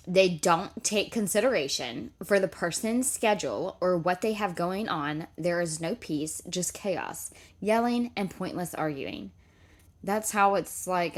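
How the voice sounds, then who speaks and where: A woman, bluntly reacting to a clip with sarcasm and heavy swearing. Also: lowish voice. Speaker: reaction commentator. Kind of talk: profane reaction rant.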